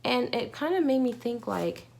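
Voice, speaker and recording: A woman's voice: fairly high pitch, very animated, normal speed, creaky, darkish tone. A young woman talking casually to camera in a candid, rambling vlog, with many fillers and restarts. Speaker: vlogger.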